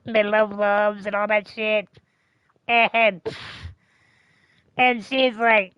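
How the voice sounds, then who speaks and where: A woman streamer chatting casually, telling a rambling, profane, animated story. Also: medium pitch, extremely slow, pauses often, clean tone, no echo, dull audio. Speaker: game streamer. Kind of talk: casual chat.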